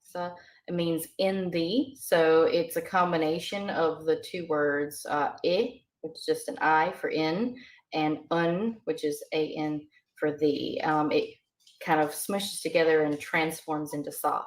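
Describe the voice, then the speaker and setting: A woman's voice: sits low, fairly even intonation, measured pace. A woman teaching beginner vocabulary in a casual, hesitant way, with many ums and uhs. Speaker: language teacher. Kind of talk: casual lesson explanation.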